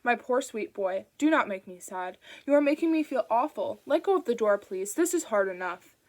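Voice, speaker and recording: A woman voicing a calm, falsely kind sinister man who speaks in a patronizing tone. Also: on the high side, moderate pace, close to an everyday voice. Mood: smooth patronizing.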